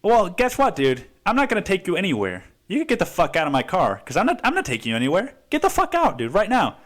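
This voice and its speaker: A man voicing an angry, overweight male rideshare driver who swears and shouts orders. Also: sits high, wildly swooping pitch, quick pace. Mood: hostile. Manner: aggressive, swearing.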